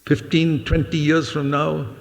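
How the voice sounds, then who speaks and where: Older male preacher with a gravelly voice. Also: on the high side, flat delivery, a little slow. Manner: earnest, emphatic, repeats key words; speaks directly to children in the congregation. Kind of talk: sermon. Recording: long hall reverb.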